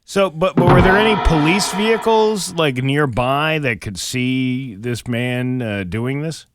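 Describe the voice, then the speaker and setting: A man co-hosting a morning radio show, deadpan, needling a caller with fussy questions. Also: on the high side, measured pace, very noisy. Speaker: radio co-host.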